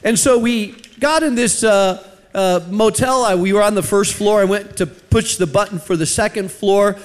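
A man preaching a sermon, telling a personal story and slowing down for emphasis. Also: high-pitched. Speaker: pastor.

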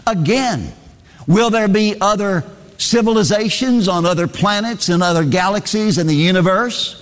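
A man's voice: sits high, moderate pace, in a large hall. A man preaching a sermon, reading scripture aloud and driving his points home by repeating key phrases.

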